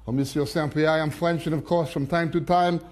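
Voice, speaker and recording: A man voicing a sheepish old French statesman in a joke, confessing with a shrug, in a lower voice than his own. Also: fairly even intonation, a little fast, darkish tone, lightly acted.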